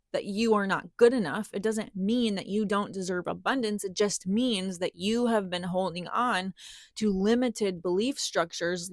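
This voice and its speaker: A woman's voice: medium pitch, no echo. Spiritual vlogger, woman, emphatic and earnest, dead-dry close recording. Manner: earnest, emphatic, acts out inner voices. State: out of breath. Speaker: spiritual teacher. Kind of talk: impassioned spiritual monologue to camera.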